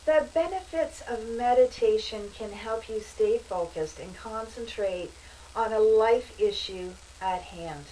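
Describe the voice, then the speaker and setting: A woman calmly guiding a meditation and breathing exercise, with casual asides as she talks. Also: medium pitch. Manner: slow, calm, soothing delivery with casual asides. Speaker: meditation instructor. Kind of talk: guided meditation instruction. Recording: voice from a distance, faint background noise.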